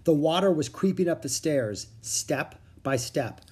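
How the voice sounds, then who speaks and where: A man reads a children's chapter book aloud in a husky voice. His delivery is expressive and dramatic, swinging up and down in a lively way. His pitch sits somewhat high for a man. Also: unhurried. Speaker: narrator.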